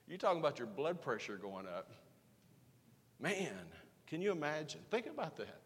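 A man preaching a sermon as pastor, swinging from emphatic rising lines to quiet, hushed asides. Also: a little high, very animated, normal speed, long reverb tail.

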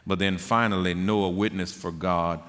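A middle-aged man preaching a sermon as pastor, slow and emphatic, building to forceful peaks. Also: sits low, fairly even intonation, big-room sound. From Texas.

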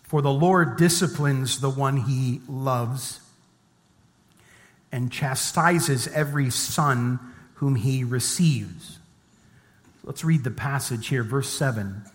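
In a church sanctuary with a hall's long reverb, a middle-aged pastor preaches slowly in a mid-range voice. His sermon blends scripture reading with conversational, humorous personal stories.

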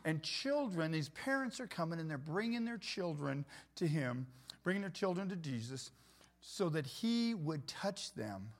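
A middle-aged man preaches in a church with a fairly high voice. His delivery is conversational and lively, and he keeps asking the congregation to answer back. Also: a little slow. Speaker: pastor. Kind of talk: sermon.

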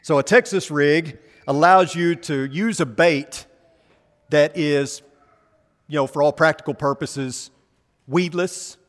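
A man's voice: a little high, takes it slowly, big-room sound. A man preaching a sermon in a conversational way, asking the congregation rhetorical questions as he reads scripture. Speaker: pastor.

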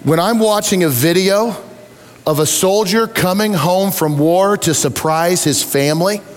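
A middle-aged male pastor delivers a sermon in a high, bright voice, speaking a little slowly. He tells stories with animated, self-deprecating humor, and the long reverb of a large hall rings around him.

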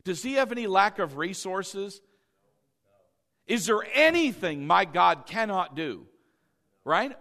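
A middle-aged male pastor preaching with a high, bright-pitched voice. His delivery swings widely, rising and dropping as he calls on the congregation to repeat words after him. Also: animated, a little slow, creaky. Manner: call-and-response preaching, swinging between loud and soft. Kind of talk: sermon.

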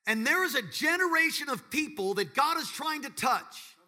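A middle-aged pastor preaches to a church congregation in an animated, joking storyteller's manner. His voice sits high and bright, with a gravelly texture. He swoops widely between quiet asides and loud exclamations. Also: normal speed. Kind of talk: sermon. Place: church service.

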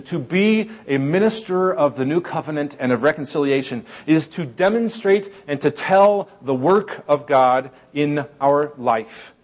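A man delivering a sermon with a relaxed, conversational tone and a streak of dry, wry humor. His voice sits a little higher than most men's. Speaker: pastor.

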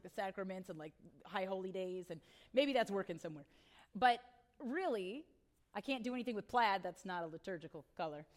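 A middle-aged woman pastor giving a sermon as a conversational story, full of asides and tag questions. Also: medium pitch.

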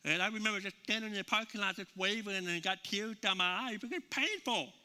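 A man's voice: sits high, a little fast, pushed and bright, long reverb tail. A middle-aged male pastor preaching to a congregation in a church, in a conversational storytelling way full of fillers and repeated words. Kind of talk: sermon. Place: church sanctuary with a live congregation.

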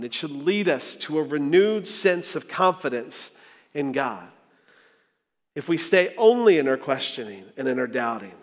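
A man preaching a sermon as a pastor, earnest and reflective, telling stories with small restarts. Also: on the high side. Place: church sanctuary. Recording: long hall reverb.

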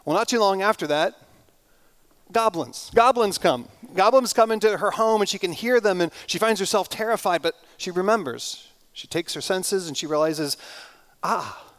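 A male pastor with a high-pitched voice preaches a sermon, retelling a story in an animated, conversational manner.

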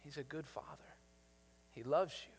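Man, thirties, pastor, slightly high voice, sermon storytelling that drops soft and tender. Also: normal speed, a little hiss or hum. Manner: storytelling, shifting from lively to hushed and tender.

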